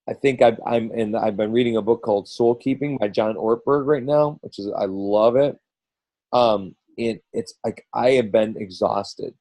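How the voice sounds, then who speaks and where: A middle-aged man talks through a team coaching call in a loose, rambling way, often restarting and slipping into quoted voices. His voice is mellow and dark, recorded close and dry with no room sound. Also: mid-range voice, no echo, poor audio. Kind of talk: casual coaching talk.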